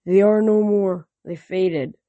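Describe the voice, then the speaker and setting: A man's voice: sits high, steady tone, takes it slowly, warm tone, no room sound, lo-fi sound. A man reading a storybook aloud and voicing a sad, ancient, hundred-handed male giant in a weary, mournful way.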